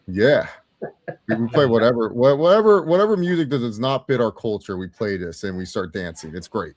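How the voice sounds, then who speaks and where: Young male co-host, casual review banter, animated, middle pitch, dry close sound. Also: fairly quick, no echo. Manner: animated, swears freely, acts out quotes. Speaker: co-host of a movie review show. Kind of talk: casual podcast chat.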